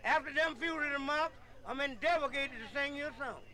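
A man's voice: very high voice, moderate pace, bright, forceful tone, poor audio. A man telling comic folk stories in a folksy way, often laughing and repeating "yeah.". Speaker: storyteller.

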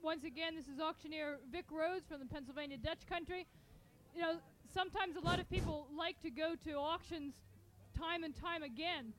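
High-voiced woman host. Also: normal speed, fairly bright tone. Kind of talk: introducing and interviewing on an auction program.

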